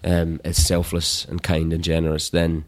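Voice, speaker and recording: A young Scottish man chatting as an actor guest in an interview, relaxed, with many restarts and easy laughs. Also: a bass voice, normal speed. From Scotland. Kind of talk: casual interview chat.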